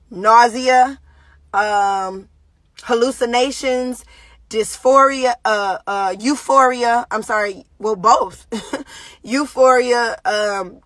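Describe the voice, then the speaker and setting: A young adult woman streaming live to her viewers, speaking haltingly about her daughter with many fillers and pauses. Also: fairly high pitch, fairly bright tone, no echo. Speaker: parent giving a live video update.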